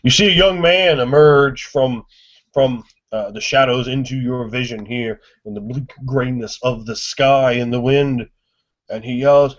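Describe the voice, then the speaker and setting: A man narrates a tabletop horror game, drawing out his scene-setting in a brooding, deliberate way. His voice sits in a middle register, and the recording is dull and lo-fi. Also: medium pitch. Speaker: game master.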